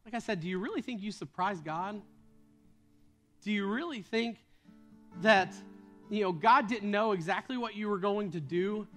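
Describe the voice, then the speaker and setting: High-voiced young man preaching. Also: normal speed, long pauses, fairly bright tone, faint music behind. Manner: earnest, repeats words when starting sentences. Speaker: pastor. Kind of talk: sermon.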